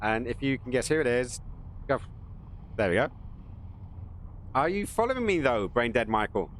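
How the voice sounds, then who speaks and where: A man's voice: medium pitch, expressive, moderate pace, a little hiss or hum. A man giving casual, rambling live-stream commentary while playing a game, joking with his viewers. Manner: rambling, jokey, chatting to viewers.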